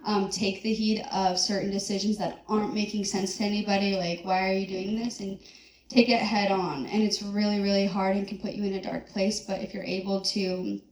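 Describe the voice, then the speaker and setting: Woman cast member on a panel, earnest, halting; roomy hall mic. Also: medium pitch, little pitch movement, a little mellow. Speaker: reality show cast member. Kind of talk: panel discussion answer. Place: event hall. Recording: echoey hall with faint noise.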